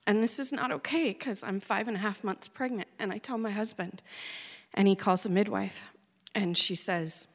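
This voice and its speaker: A woman in her thirties from Oregon tells a personal story on stage at an unhurried, measured pace, her feeling close to the surface. Her voice sits in a middle register. A long reverb from a large hall trails each phrase. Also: mid-range voice. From Oregon, USA. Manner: slow, measured, emotional telling. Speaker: speaker telling a personal story.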